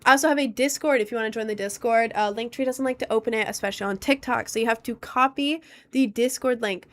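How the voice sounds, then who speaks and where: A woman streamer talks casually to her live-stream chat, rambling, restarting sentences and leaning on fillers. Her voice sits on the high side. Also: fast.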